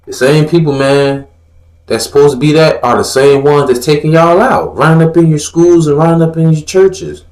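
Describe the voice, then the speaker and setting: A man's voice: on the high side, steady tone, normal speed, darkish tone, reverberant. A man giving blunt, profane religious commentary in a fiery, preachy manner, mocking others in put-on voices.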